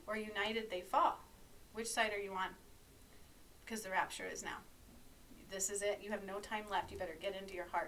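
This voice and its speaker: A woman's voice: mid-range voice, a little hiss or hum. Intense woman preaching from a distance. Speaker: spiritual healer and channel. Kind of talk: monologue to camera.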